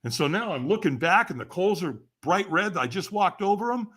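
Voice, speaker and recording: This older podcast guest has a high-pitched, sing-song, fairly bright voice and talks fairly quickly. He tells an animated story, performing the voices of its characters and laughing frequently.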